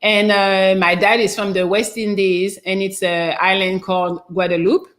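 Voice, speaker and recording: A French woman with a French accent hosts an easygoing live stream at normal speed. Her mid-range voice shows little pitch movement and is a bit bright; she meanders through viewer comments, reading them out and tailing off with fillers.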